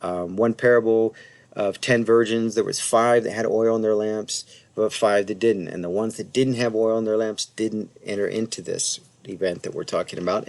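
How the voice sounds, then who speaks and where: A man with a low, gravelly voice teaches New Testament Greek in a loose, conversational way. He sounds out the Greek slowly and talks through his points with plenty of ums and restarts. He speaks into a desk mic. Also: darkish tone. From United States. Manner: explanatory, thinks aloud with many fillers and restarts; reads Greek slowly and carefully. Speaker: Bible teacher. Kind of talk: casual screen-share Greek lesson.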